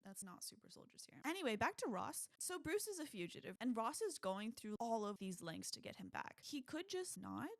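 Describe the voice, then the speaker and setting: A woman's voice: on the high side, sing-song, vocal fry, no echo. Sarcastic young woman reviewing a movie. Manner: sarcastic, joking, crude; acts out quick mocking quotes of characters. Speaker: podcast host. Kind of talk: casual movie review monologue.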